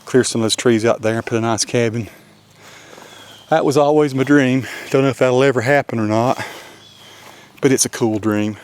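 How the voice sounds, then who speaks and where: A man with a western North Carolina mountain accent, rambling in a relaxed, folksy way as he walks through the woods. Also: medium pitch, moderate pace. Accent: western North Carolina mountain Southern. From Appalachian Highlands, North Carolina. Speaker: vlogger. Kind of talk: casual walking commentary. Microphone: handheld camera mic.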